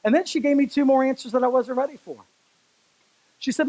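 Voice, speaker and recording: A man with a notably high voice delivers a motivational keynote to a live audience. He tells stories, speaks directly to the crowd and drives points home by repeating phrases. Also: fairly quick, pauses often, a little mellow, rough recording. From Louisiana, US. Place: stage before a live audience.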